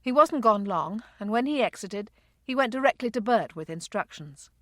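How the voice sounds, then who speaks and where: A woman narrating a romance audiobook in a measured, unhurried way. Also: a little high, lively intonation, fairly bright tone, no room sound, studio quality. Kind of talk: scripted narration.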